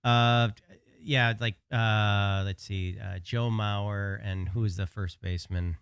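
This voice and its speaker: Male guest, low-ish voice, easygoing and self-mocking, hesitant, dry close mic. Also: fairly even intonation, takes it slowly, fairly bright tone, smooth, dry recording. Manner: laughs often, self-deprecating, hesitant. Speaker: guest bartender. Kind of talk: casual chat.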